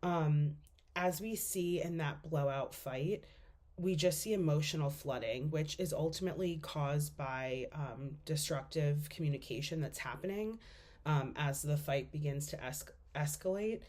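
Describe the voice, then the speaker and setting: A woman's voice: sits low, measured pace, a little mellow. A young woman giving a class presentation as a student, speaking casually with lots of fillers as she thinks aloud.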